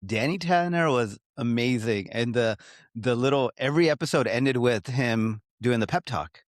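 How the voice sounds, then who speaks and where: Male co-host, mid-pitched voice, dry close mic, animated and teasing. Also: normal speed, no echo. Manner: animated, excitable, joking. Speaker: podcast co-host, father. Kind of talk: casual podcast chat.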